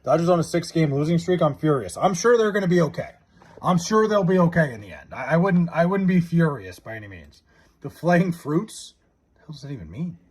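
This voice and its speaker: A man livestreaming from his house, casually chatting and reading out viewer comments, loose and profane, drawling joke names slowly. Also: a little high, big pitch swings, a little mellow, husky. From New York area.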